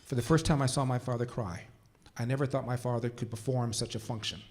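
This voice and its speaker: An older man speaking at a conference, telling a personal story that leads into a political speech, slowing down and dropping quiet for emphasis before rising to forceful points. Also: mid-range voice, steady tone. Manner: storyteller who slows down and drops quiet for emphasis, then rises to forceful points. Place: conference hall stage.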